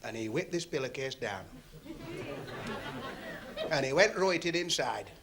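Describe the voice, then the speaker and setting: A man's voice: medium pitch, expressive, measured pace. A man doing club stand-up comedy, chatting and teasing the audience and laughing at his own jokes. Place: working men's club stage on TV. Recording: noisy 1970s TV recording, laughing club crowd.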